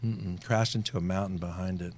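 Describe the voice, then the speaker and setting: A man telling stories as a guest on a talk show, speaking in a practiced, low radio-announcer manner. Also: fairly even intonation, brisk. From Virginia, USA. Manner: talkative storyteller with a trained announcer's voice. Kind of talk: casual interview chat.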